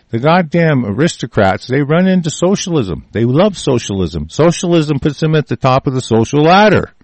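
A man's voice: medium pitch, no room sound. An older man vlogging a heated, rambling political rant, full of swearing and broken-off restarts.

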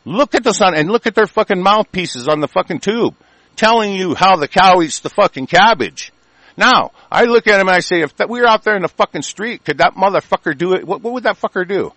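A man's voice: high voice, animated, brisk, bright, forceful tone, no room sound. Profane, furious male talk radio host. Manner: angry, profane, stammering restarts. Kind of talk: ranting talk radio monologue.

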